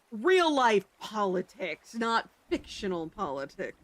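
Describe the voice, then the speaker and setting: A livestreamer talking off the cuff with viewers in a loose, rambling way. The chat drifts between topics and is broken by sudden loud exclamations. The voice sits at a middle pitch. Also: very animated, slow. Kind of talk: casual chat with stream chat.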